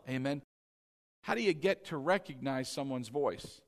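A man pastor preaching a sermon, leading the congregation in call-and-response and moving between loud emphasis and quiet asides. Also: mid-range voice, lively intonation, a little slow.

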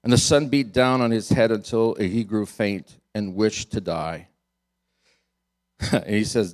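A man preaching a sermon as pastor. He tells the story in an animated, amused way, chuckling often and repeating words as he drives a point home. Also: medium pitch, measured pace.

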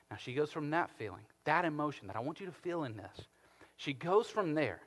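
Animated preacher man, long reverb. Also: a little high, fairly quick. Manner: animated, swings from loud emphasis to hushed tones. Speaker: pastor. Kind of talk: sermon.

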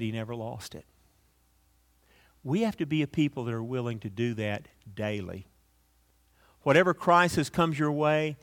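A middle-aged man preaching a sermon as a pastor and leading a closing prayer, swinging from loud emphatic peaks to hushed, near-whispered lines. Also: medium pitch.

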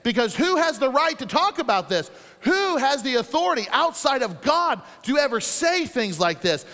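A man preaching a sermon as pastor, animated, with dramatic rises and drops, reading scripture slowly. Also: extremely high pitch, in a large hall.

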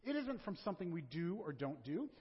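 Man, pastor, Southern American accent, sermon, husky voice, dull lo-fi church recording. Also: fairly high pitch, big pitch swings, brisk. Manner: conversational preaching with rhetorical questions. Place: church sanctuary. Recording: dull sound with long hall reverb.

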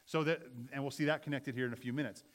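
A man's voice: mid-range voice, fairly even intonation, quick pace. A man preaching a sermon in a church, conversational, with many restarts and rhetorical questions. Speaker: pastor. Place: church sanctuary.

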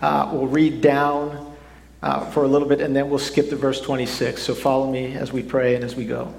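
A man's voice: medium pitch, monotone, moderate pace, gravelly, a little mellow. A middle-aged man preaching a sermon in a church, talking conversationally and often repeating words as he restarts. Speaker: pastor. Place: church sanctuary. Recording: echoey hall, faint room noise.

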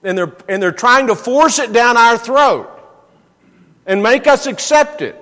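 Man, preacher, sermon, high voice, earnest, repeats for emphasis, long church reverb. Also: lively intonation, unhurried, bright, forceful tone.

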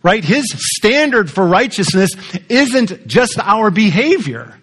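A man's voice: sits high, very animated, slow, a bit bright. A male pastor preaching a sermon in a conversational storytelling way, putting questions to the congregation.

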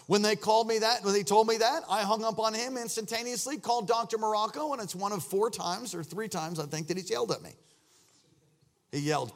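A man preaching a sermon as pastor, telling a story that swings from hushed tones to loud shouting. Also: high-pitched, a little fast.

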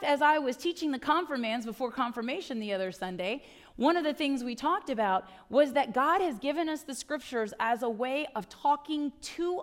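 Woman pastor, high voice, chatty wry sermon, emphatic. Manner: conversational, wry and emphatic, with tag questions.

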